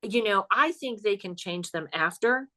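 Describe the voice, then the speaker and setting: A woman guesting on a podcast as a psychic comedian, telling a spooky story in an animated, chatty way and laughing as she goes. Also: mid-range voice, moderate pace. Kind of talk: casual storytelling chat.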